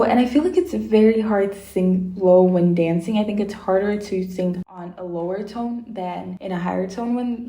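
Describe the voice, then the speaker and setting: A woman's voice: mid-range voice, warm tone, roomy sound. A woman giving casual, opinionated commentary as a vlogger, chatty and full of praise. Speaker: vlogger reviewing performances.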